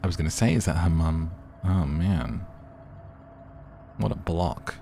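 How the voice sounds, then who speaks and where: Deep, gravelly man narrating a game. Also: unhurried, mellow, a little hiss or hum. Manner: playful, wry asides. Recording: music playing behind.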